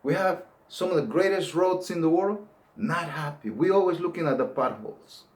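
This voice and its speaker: A man's voice: a little high, lively intonation, normal speed. Older man, earnest pleading monologue, emphatic outbursts. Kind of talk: impassioned monologue to camera.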